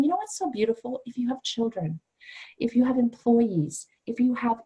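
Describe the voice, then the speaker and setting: A woman's voice: on the high side, darkish tone, low-quality recording. A middle-aged woman coach teaching a certification class in a conversational, emphatic way, sometimes acting out what her clients say. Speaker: coach trainer.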